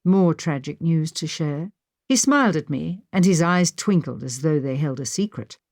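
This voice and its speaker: A woman narrating a historical novel in the first person, with expressive storytelling. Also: sits low, normal speed, no room sound, studio quality. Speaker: audiobook narrator. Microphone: studio microphone.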